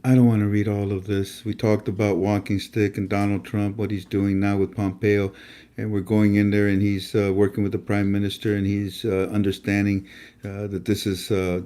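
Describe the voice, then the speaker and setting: A man's voice: lowish voice, warm tone. A man hosting a casual monologue show, talking emphatically and preachily, repeating himself and stammering often. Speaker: host. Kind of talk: casual live-stream monologue.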